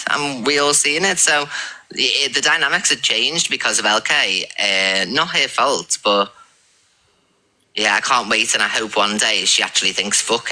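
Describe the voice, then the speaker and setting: A man's voice: lowish voice, bright, forceful tone, low-quality recording. A man on a livestream, talking over a grievance in a rambling, aggrieved way. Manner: aggrieved, rambling, repeats "you know what I mean".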